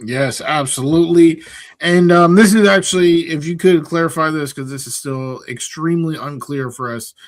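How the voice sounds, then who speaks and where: A man's voice: a little high, normal speed, no room sound. Easygoing man chatting sports. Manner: easygoing, upbeat, many fillers. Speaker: podcast co-host. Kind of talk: casual sports talk.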